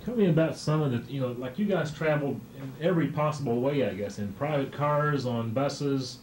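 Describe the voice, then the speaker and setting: A man's voice: medium pitch, fairly quick, darkish tone. A man conducting an interview, asking conversational, prompting questions. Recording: roomy, faint noise.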